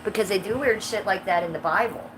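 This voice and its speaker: A woman's voice: mid-range voice, fast. Brash, profane woman in her fifties. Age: 50s. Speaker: livestreamer. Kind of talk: casual livestream chat. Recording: steady background noise.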